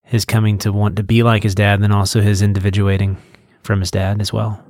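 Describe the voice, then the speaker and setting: A man's voice: fairly low pitch, level tone, fairly quick, a little mellow, no room sound, clean studio sound. A man co-hosting a podcast, analyzing a book in a matter-of-fact way. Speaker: podcast co-host. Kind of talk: casual book discussion.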